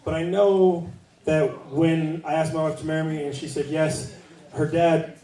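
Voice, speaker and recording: A man's voice: on the high side, little pitch movement, normal speed, warm tone. Laid-back man telling stories on stage. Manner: laid-back storytelling, with fillers and asides. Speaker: stand-up comedian. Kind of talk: stand-up comedy battle set. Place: comedy club stage. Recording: roomy club sound from far off, crowd. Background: laughing audience.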